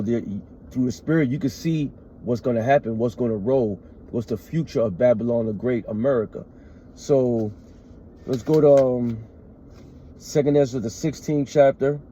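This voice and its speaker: A man's voice: mid-range voice, mellow, dull audio, slight background noise. A man teaching scripture in an emphatic way. He reads verses aloud, then explains them, often adding "all right" and "man". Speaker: street preacher.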